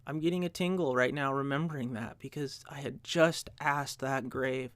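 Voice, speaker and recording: A man's voice: medium pitch, normal speed, hardly any pauses, a bit bright, no echo. A young man hosting a podcast, telling a personal story in a reflective way and often restarting his sentences as he searches for words. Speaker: podcast host.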